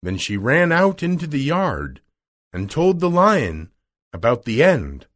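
A man narrating a children's storybook in a slow, expressive read-aloud manner. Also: on the high side. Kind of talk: storybook reading.

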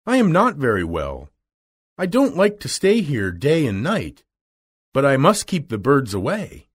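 A man voicing a friendly, gentle scarecrow made of straw in a storybook reading, husky and raised above his own pitch. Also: wildly swooping pitch, measured pace, full character voice.

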